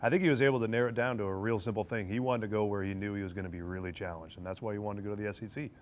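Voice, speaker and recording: Coach talking fast, lowish voice, explaining stuff for a doc. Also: male voice, fairly even intonation, a little hiss or hum. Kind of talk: documentary interview.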